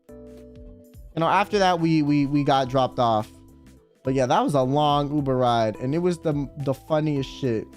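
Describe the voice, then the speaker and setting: A young male streamer with a strikingly high voice tells a chaotic story in casual bursts full of swearing. He keeps looping through "like," restarting, and acting out quoted lines, animated and quick. Faint music plays underneath.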